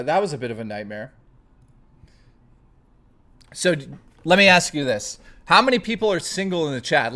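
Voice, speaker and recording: Profane, playful male streamer, higher voice. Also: fairly bright tone. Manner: profane, playful, reads chat aloud. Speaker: live streamer host. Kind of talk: casual live-stream chat with viewers.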